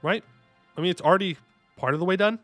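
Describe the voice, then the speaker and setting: A man streaming a strategy game, commenting casually and excitably, talking to himself and his chat with jokey asides. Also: sits high, fast, dry recording. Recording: faint music behind the voice.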